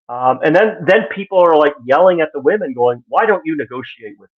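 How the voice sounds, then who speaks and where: An exasperated man gives live-stream commentary, acting out the people he quotes. His voice sits a little high, and it comes through a tinny, phone-like line. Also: lively intonation, brisk, few pauses. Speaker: sports commentator.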